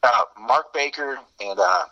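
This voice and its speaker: A man's voice: medium pitch, animated, unhurried, pushed and bright. A man telling fraternity-days stories in a rambling, laid-back way, heard over a muffled remote line. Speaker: interview guest. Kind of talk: casual storytelling.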